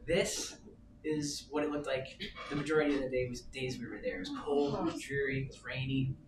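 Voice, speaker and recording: A man in his thirties giving a talk at a sales meeting, telling a travel story in an animated, self-amused way. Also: mid-range voice, a little fast. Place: meeting room. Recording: roomy, distant, noisy meeting room.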